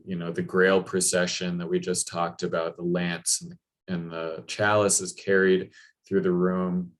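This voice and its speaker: A man with a low, deep voice retells an old legend in a relaxed lecture. He talks conversationally, full of fillers and offhand asides. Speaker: speaker on mythology.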